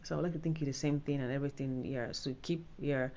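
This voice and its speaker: A woman's voice: very deep voice, steady tone, fast talker, mellow, highs cut off. A Nigerian woman giving a casual, rambling spoken tutorial on an exam, full of fillers and restarts. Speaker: IELTS tutor.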